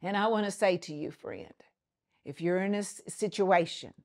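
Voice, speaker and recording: A woman's voice: on the low side, normal speed, darkish tone. A woman minister giving a televised Bible teaching, reading scripture and speaking in an earnest, emphatic way.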